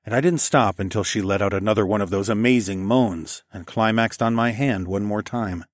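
A man with a low voice narrates an erotic audiobook in a soft, intimate, often hushed tone. The recording is dry and close. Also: moderate pace, no echo.

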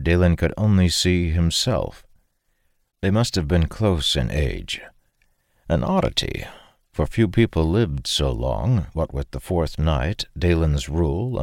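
A man reading fantasy fiction aloud in a steady, measured narration. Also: a bass voice, no room sound, studio quality. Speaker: audiobook narrator.

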